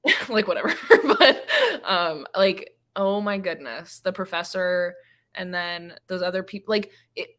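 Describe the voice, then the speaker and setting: Guest, female, lower voice, emotional rambling book talk full of restarts. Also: a little slow, fairly bright tone. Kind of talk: casual book discussion.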